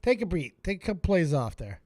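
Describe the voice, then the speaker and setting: High lively joking podcast host, a man. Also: fairly quick, no room sound. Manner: loud, joking, profane, calls out to callers. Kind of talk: casual podcast chat.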